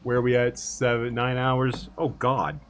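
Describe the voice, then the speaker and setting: A man's voice: mid-range voice, fairly even intonation, unhurried. A young man casually chatting to his live-stream viewers while he plays, rambling and counting under his breath. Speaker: game streamer.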